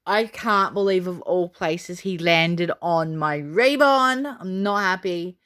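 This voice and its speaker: A woman talks straight to camera in a casual vlog, her voice sitting a little low. She is chatty and excitable and fills her pauses with ums. The delivery is loose and conversational. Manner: chatty and excitable, many fillers. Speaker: doll collector vlogger.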